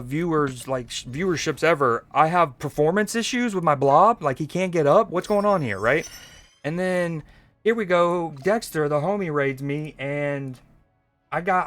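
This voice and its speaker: A man from Georgia, casually chatting with viewers and joking while he streams a card game. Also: on the high side. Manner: laid-back, joking, chatting with chat while playing. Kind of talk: casual live-stream chat.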